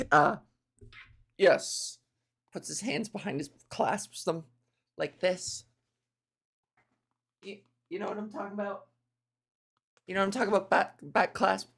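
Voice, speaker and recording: A woman comedian hosts a podcast, talking in a loose, rambling monologue that swears freely and keeps cutting itself off mid-thought. Her voice has a gravelly, fry-heavy edge. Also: mid-range voice, normal speed, long pauses. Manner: rambling, profane, self-interrupting.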